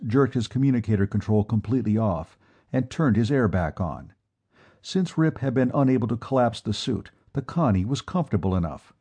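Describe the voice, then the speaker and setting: A man narrating an adventure book in a steady, measured reading. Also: fairly low pitch, husky. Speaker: audiobook narrator. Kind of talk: scripted narration.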